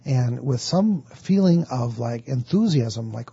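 A man's voice: mid-range voice, moderate pace, dark tone, breathy edge, muffled recording. A man teaching a lecture on hypnotherapy, explaining step by step and answering his own questions. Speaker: hypnotherapy instructor.

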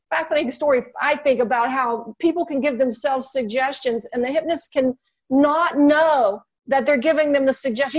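A woman with a high voice talks shop as a hypnotist, animated as she acts out both sides of a client conversation. She sounds casual and chatty, as if speaking over a video call. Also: lo-fi sound. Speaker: guest hypnotist. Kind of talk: casual teaching talk.

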